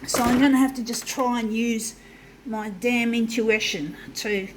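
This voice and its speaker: A woman vlogger, shaking and sweating in the heat, narrates her craft demo and vents her frustration to the folks watching, cursing freely and coaching herself through setbacks. Her voice is somewhat high and measured, with faint noise in the background.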